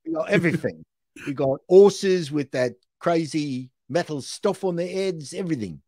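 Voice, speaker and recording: A man voicing a pushy male salesman in a deliberately bad British accent, hawking his wares in an excited sales pitch. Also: dry recording, clean studio sound, natural voice.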